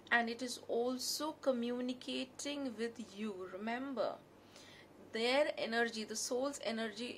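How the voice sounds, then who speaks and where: A woman with an Indian English accent gives calm, gently reassuring advice as a therapist, now and then slipping into Hindi. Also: on the high side, a little hiss or hum. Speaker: NLP therapist. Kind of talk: spoken advice talk.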